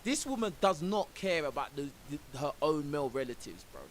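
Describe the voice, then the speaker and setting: A man's voice: on the high side, sing-song, a little fast, rough recording. A man streaming and reacting to a clip, ranting indignantly and saying "bro" a lot. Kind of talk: reaction commentary on a livestream. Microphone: own microphone. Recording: faint hiss.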